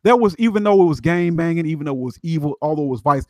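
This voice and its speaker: A man's voice: on the high side, animated, rapid-fire, no echo. A man from Chicago talking emphatically as a guest commentator, in casual street slang.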